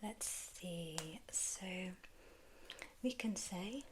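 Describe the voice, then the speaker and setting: A woman with an English accent, teaching in a whispered role-play as a gentle language tutor who prompts the listener to repeat. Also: medium pitch, very slow, background noise.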